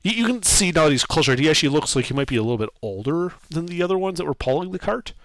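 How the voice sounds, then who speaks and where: Animated game master narrating. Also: male voice, fairly high pitch, racing, no echo. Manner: lively descriptive narration with casual fillers.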